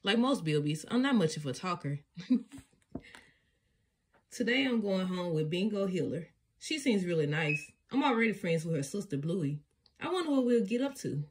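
A woman voicing a shy, gentle male bilby who tells his own story in a soft, quiet way. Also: lowish voice, sing-song, normal speed, husky. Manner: soft, quiet first-person storybook telling.

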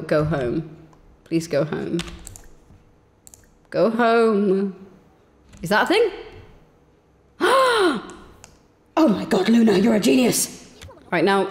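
A woman giving excitable, giggly commentary while playing a game on stream, talking to herself. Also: medium pitch, slow pace, long pauses, big-room sound. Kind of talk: gameplay commentary.

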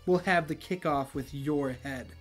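A man voicing a firm, sharp-tongued female mercenary who delivers cool, mocking put-downs. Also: fairly high pitch, measured pace, slightly rough, soft background music. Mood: cold.

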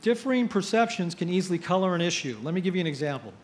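A middle-aged man giving an after-dinner speech, telling jokes with punchline pauses. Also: sits high, animated, slight background noise. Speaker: editorial cartoonist giving a speech. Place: cruise ship event.

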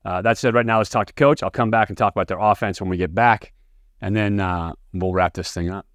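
A man's voice: lowish voice, a little fast, no echo, clean studio sound. A man hosting a sports podcast, chatty and telling stories as he interviews a coach. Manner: chatty storyteller, animated when telling a tale. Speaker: podcast host and analyst. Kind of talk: casual interview with anecdotes.

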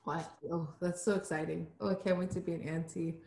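A woman hosting a casual interview, asking questions and reacting with warm encouragement. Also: fairly low pitch, little pitch movement, fairly quick, creaky. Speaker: interviewer host. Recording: echoey room.

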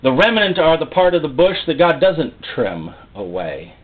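A man's voice: fairly high pitch, very animated, normal speed. A man preaching a sermon, emphatic and repeating phrases for stress. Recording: tinny phone-like sound.

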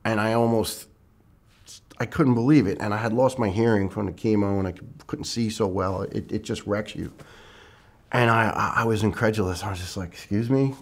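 A middle-aged man with a fairly low voice recounts a hard personal story in an interview. He speaks with earnest emotion and slips into the voices of the people he quotes. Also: steady tone, moderate pace. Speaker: retired firefighter lieutenant.

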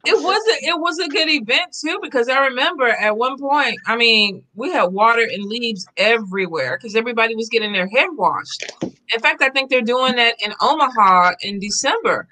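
Brief: woman host, high bright voice, bursts of laughter and exclamations in casual chat. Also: moderate pace, slight background noise, poor audio. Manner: laughs a lot, exclaims, warm reactions.

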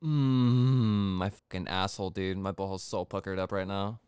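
A man's voice: sits low, steady tone, normal speed, a little mellow, clean tone, dry recording. A young man chatting with a friend while they race in a game, trading crude jokes and trash talk full of swearing. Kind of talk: casual voice chat while gaming.

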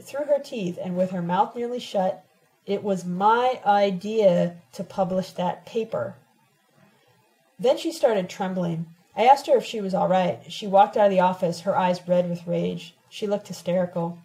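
A woman narrating a novel told in letters, reading in a steady, measured first-person voice. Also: mid-range voice, low-quality recording. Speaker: audiobook reader.

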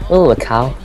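A man's voice: a little high, low-quality recording. A young man playing a game with a friend, teasing him dryly and grumbling about dying. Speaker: co-player. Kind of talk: casual gameplay chat.

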